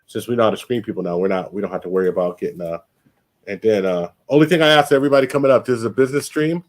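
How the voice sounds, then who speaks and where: A man hosts a casual live podcast stream in an easygoing way. His voice sits a little low, and he often repeats his phrases as he moves the show along. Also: very fast. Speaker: podcast host.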